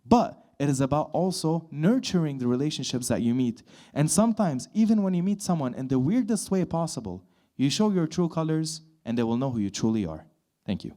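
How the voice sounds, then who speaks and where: A man of thirty holds a stage chat, his voice a touch high but dark and mellow in tone. He tells stories with lots of energy and acts out both sides of the dialogue. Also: brisk. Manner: animated storyteller, acts out dialogue. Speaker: voice-over artist and sound composer. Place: event hall with live audience.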